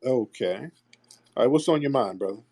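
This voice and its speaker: A man hosting a call-in audio show, arguing forcefully with callers, repeating himself and cutting them off. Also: medium pitch, expressive, moderate pace, husky, dry recording, studio quality. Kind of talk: argumentative call-in talk.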